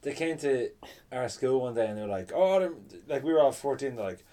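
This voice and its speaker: A man chatting casually on a podcast and telling animated stories. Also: medium pitch, a little fast. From Ireland. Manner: animated storyteller, puts on voices for others. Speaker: podcast co-host. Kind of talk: casual chat.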